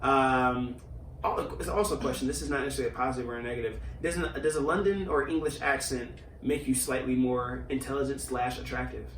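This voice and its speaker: A man's voice: medium pitch, fairly quick, fairly bright tone, reverberant, distant mic, slight background noise, poor audio. A man hosting a podcast in casual chat, rambling with many ums and restarts. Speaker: podcast host.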